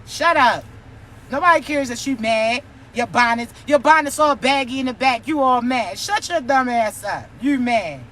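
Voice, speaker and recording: A woman's voice: fairly high pitch, moderate pace, a bit bright. A woman giving a spiritual reading, delivered as a brash, profane, teasing scolding. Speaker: spiritual reader. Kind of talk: spiritual warning rant.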